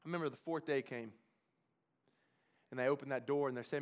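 A man's voice: mid-range voice, a little fast. A man giving an emotional personal testimony, telling his story intensely and repeating key phrases for weight.

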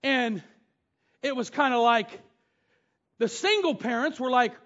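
A man's voice: very high-pitched, lively intonation, measured pace, long pauses, fairly bright tone. A middle-aged man preaching a sermon, reading scripture and telling stories from family life. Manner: storytelling, reads scripture aloud and retells it. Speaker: pastor. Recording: dull lo-fi sound.

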